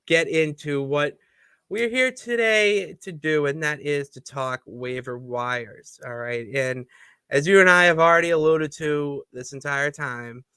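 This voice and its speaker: A man's voice: on the high side, measured pace, sharp tone, clear, resonant tone, dry recording. A man with a New England accent co-hosting a sports podcast, joking in an easygoing way and often restarting his sentences. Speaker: co-host. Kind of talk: casual podcast chat.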